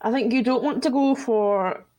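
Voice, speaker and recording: A woman guest on a podcast, chatting in an animated, expressive way and using "like" a lot. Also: fairly high pitch, moderate pace. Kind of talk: casual podcast chat.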